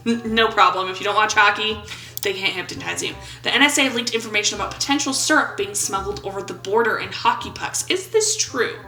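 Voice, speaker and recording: A gaming YouTuber of about twenty-seven comments playfully and goofily on a game, reading its questions aloud and slipping into brief put-on voices for jokes. Her mid-range voice sounds pushed and bright, captured in a low-quality recording with a roomy sound.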